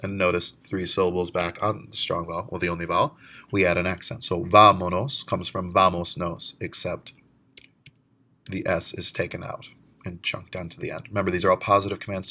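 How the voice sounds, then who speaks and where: Deep-voiced man teaching a lesson. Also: bright, forceful tone. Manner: explains step by step, slows down to model pronunciation. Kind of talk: recorded lecture.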